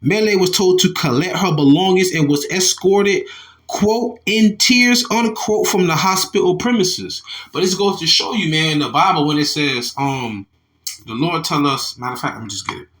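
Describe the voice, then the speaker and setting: A man's voice: on the high side, moderate pace, a bit bright. A man from the States, reading a news article aloud and commenting on it with Bible verses. He talks animatedly, restarts and repeats words, and calls his listeners y'all. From Southern United States. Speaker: religious commentator.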